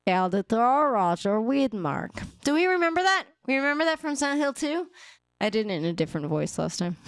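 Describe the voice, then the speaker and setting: A woman's voice: sits high, big pitch swings, normal speed, dry recording. A young adult woman streaming a game, chatting in a rambling, casual way with many fillers. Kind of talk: casual gameplay commentary.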